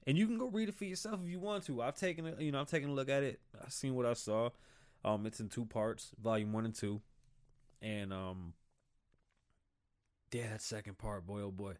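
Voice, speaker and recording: A man in the middle of a fired-up, opinionated rant on his own show. He swears freely and sarcastically mimics his opponents, and his voice sits in an ordinary middle pitch. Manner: heated, profane, mocking voices of opponents. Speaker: podcast host.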